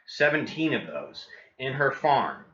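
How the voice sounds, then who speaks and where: Upbeat man coaching, bright and roomy. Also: mid-range voice, big pitch swings, measured pace, lo-fi sound. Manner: upbeat, keeps asking "right?". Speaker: real estate coach. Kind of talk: training talk with role-played doorstep scripts.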